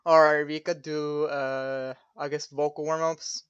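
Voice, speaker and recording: A man's voice: a little high, little pitch movement, measured pace, lo-fi sound, noisy background. A man co-hosting a casual streamed talk show, chatting loosely and often stammering and repeating words. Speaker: co-host.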